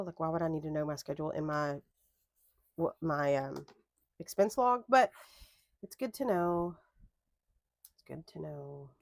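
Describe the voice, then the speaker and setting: A woman's voice: low voice, a little mellow, dry recording. A young adult woman chatting casually at a home craft desk, rambling into tangents and correcting herself as she goes. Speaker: planner vlogger. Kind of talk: casual chat while crafting.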